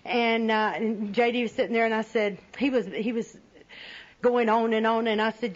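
A woman's voice: on the high side, fairly even intonation, normal speed, slight background noise. A woman speaking at a recovery meeting, telling personal stories with humor and often laughing at herself. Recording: dull lo-fi recording with faint audience.

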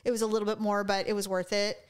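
A woman's voice: medium pitch, little pitch movement, rapid-fire, clear, resonant tone. A middle-aged woman co-hosting a podcast, telling a story in casual chat and acting out both sides of a conversation. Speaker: podcast co-host.

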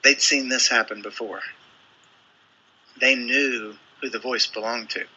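Male preacher, very bright and breathy tone, storytelling delivery with acted-out quotes. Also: medium pitch, fairly even intonation, measured pace, muffled recording. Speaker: pastor. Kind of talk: sermon.

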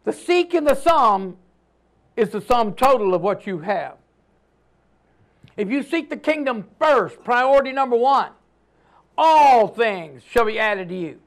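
A man preaching a sermon as pastor, emphatic, swinging between loud declarations and hushed lines and calling on the congregation to repeat after him. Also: extremely high pitch, very animated, measured pace, long pauses.

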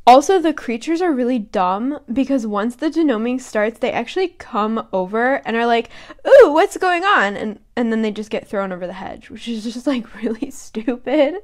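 A woman's voice: on the high side, normal speed, few pauses, a little mellow. A young woman co-hosting a podcast, chatting casually about a book and giggling as she reads quotes aloud in voices. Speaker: podcast co-host.

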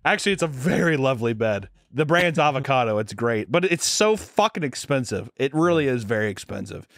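A man's voice: medium pitch, sing-song, brisk, a bit bright, dry recording, clean studio sound. A man co-hosting a podcast in a loose, profane, casual chat, laughing often. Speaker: podcast co-host.

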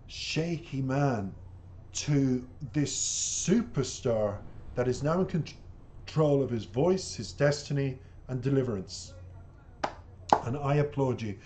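A man's voice: mid-range voice, a little mellow, slight background noise. A man giving casual, emotional reaction commentary to a music video, exclamatory and repeating himself as he talks to his viewers.

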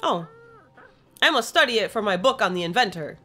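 A woman voicing a fussy, bookish professor in a game, reading his lines in a measured, scholarly way. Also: mid-range voice, expressive, sharp tone, faint music behind. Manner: measured, scholarly, slightly hesitant.

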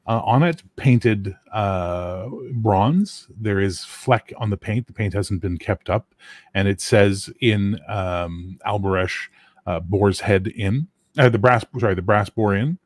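A man's voice: on the low side, slow, no echo. A man running a tabletop game as game master, narrating scenes loosely and correcting himself as he goes.

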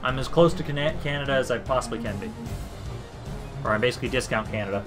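A man's voice: mid-range voice, fast talker. A young man from Minnesota live-streaming a strategy game, chatting casually with viewers and cursing now and then. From Minnesota, USA. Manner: chatty and laid-back, swears casually, talks to chat and units. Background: game battle music.

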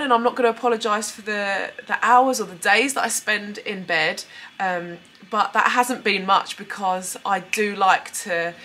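A young British beauty vlogger chats candidly to camera at home, emotional, a little tearful, and with a runny nose. Her medium-pitched voice sounds pushed and bright, with slight background noise indoors.

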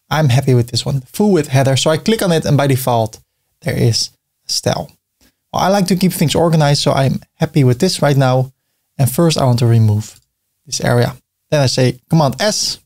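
A man explaining a website builder step by step in a screen-recorded tutorial, thinking aloud as he clicks, with a few filler pauses. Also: mid-range voice, a little mellow. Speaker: web design tutor.

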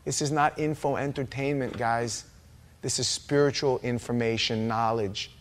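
A man's voice: mid-range voice, steady tone, moderate pace, a little hiss or hum. A man preaching an informal Bible-study sermon in a church, chatty and joking with his congregation. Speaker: pastor. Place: church sanctuary.

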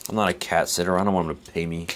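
Laid-back low-voiced man opening cards. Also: fairly even intonation, rapid-fire, a little hiss or hum. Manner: rambling, laid-back, chuckles between remarks, reads card names aloud. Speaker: card break host. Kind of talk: casual live-stream chat while opening cards.

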